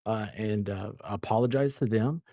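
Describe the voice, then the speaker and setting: A man with a Southern American accent and a low voice tells rambling stories and chuckles between phrases. The sound is dry and close. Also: normal speed, warm tone, no room sound. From Memphis, Mid-South United States. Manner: laid-back, rambling, laughs mid-sentence. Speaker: co-host. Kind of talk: casual storytelling chat.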